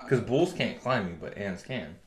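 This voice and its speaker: A man with a fairly low voice trades blunt, profane jokes in casual podcast chat. His voice bounces around an echoey room. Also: expressive, moderate pace. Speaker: podcast co-host.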